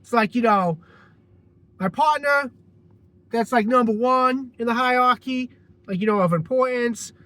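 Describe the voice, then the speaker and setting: Male vlogger, high bright voice, casual rant, stumbles and restarts, lots of cursing. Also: measured pace, long pauses, dry recording. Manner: rambling, restarts a lot, heavy swearing. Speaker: vlogger telling a personal story.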